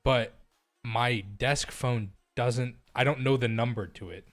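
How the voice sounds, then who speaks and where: A man's voice: mid-range voice, takes it slowly, soft background music. A young man streaming live and chatting casually through a cheap desk mic, rambling, repeating himself and laughing often.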